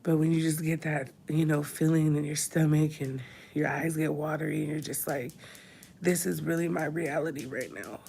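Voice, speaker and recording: A woman's voice: sits low, steady tone, moderate pace, gravelly, mellow, a little hiss or hum. A woman in her thirties crying as she talks in a confessional vlog, her voice breaking into whispers and sighs. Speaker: vlogger. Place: hospital room.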